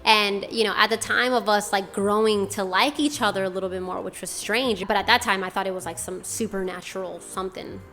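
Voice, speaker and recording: A young woman from Boston hosts her own channel and shares a personal testimony in loose, chatty talk. She rambles and drops "like" into almost every sentence. Her voice sits at a middling pitch, with soft music faint in the background. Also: fairly even intonation, a little fast, few pauses. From Boston, USA. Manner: casual, rambling, many fillers like "like". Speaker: channel host.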